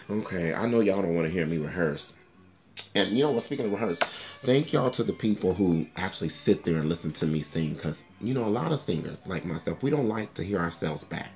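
Sassy deep-voiced man chatting live. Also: expressive, fairly quick, darkish tone. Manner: sassy, swears freely, addresses viewers directly. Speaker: livestream host. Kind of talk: casual livestream chat. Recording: faint music in the background. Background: faint music.

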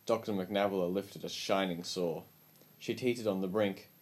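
A man reading a story aloud as an audiobook narrator, with calm, measured storytelling. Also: low-pitched.

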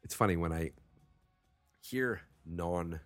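A man's voice: low-pitched, slow pace, no echo, soft background music. A man with a Massachusetts accent, hosting a wrestling talk show in rambling, profane, self-mocking casual chat. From Massachusetts, USA.

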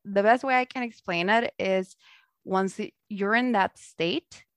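A young woman tells a story in casual chat, lively and quick to laugh, slipping into the voices of the people she quotes. Her voice sits at an ordinary middle pitch. The sound is dry and close, with no room around it. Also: no room sound. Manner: animated, laughs often, acts out quoted voices.

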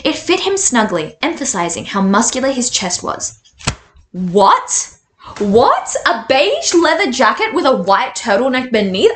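A woman in her twenties chatting casually and reading aloud from a novel, animated and incredulous, rambling with lots of fillers. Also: on the high side, normal speed. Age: 20s. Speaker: book reviewer. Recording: roomy echo.

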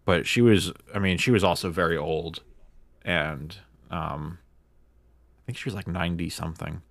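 Deep-voiced young man telling a story. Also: a little slow, vocal fry, no room sound. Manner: rambling, amused, acts out quoted voices. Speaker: storyteller in a casual chat. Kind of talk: casual chat.

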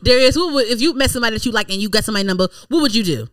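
Woman, 30s, podcast host, animated exasperated storytelling, dry close sound. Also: on the high side, very fast, no room sound. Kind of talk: casual chat.

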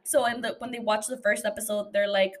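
A woman's voice: medium pitch, steady tone, brisk. A young woman hosting a podcast on her own, chatting loosely and playfully, swearing freely and laughing between thoughts. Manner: loose, profane and playful, with frequent fillers and laughs. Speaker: podcast host. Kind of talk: casual solo podcast chat.

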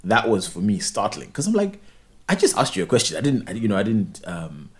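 A man's voice: fairly low pitch, huge pitch swings, brisk. A young Zimbabwean man whose first language is Ndebele, telling a story in casual chat and acting out both sides of a phone call.

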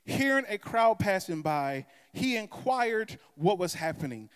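High-voiced male pastor preaching in a hall. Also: very animated, a little slow, smooth. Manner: dramatic preaching with swings between soft asides and loud cries; call-and-response with the congregation. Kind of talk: sermon.

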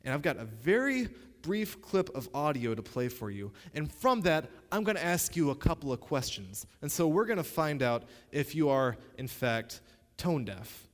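Lively, playful male teacher. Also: a little high, moderate pace, big-room sound. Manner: playful, direct, addresses the listener. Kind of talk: spoken lesson to camera.

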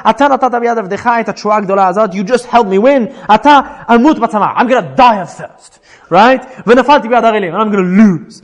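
A man teaching an informal Bible class, retelling the story with energy, quoting Hebrew verses and checking in with "right?" as he goes. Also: high-pitched. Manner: animated storytelling, quotes Hebrew verses then paraphrases, frequent "right?".

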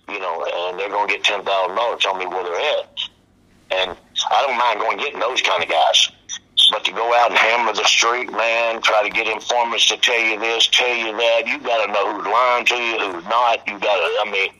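A man with a drawl and a very bright, forceful voice. He talks as a bounty hunter spinning casual stories in an interview, loose and colloquial, and acts out the people he quotes. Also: lowish voice, low-quality recording.

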